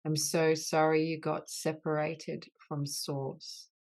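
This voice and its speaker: Slow, gravelly-voiced woman guiding healing. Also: low voice, monotone, a little mellow. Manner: slow, soothing, repetitive apology phrases. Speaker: soul mentor leading a healing call. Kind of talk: guided healing session. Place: online group call.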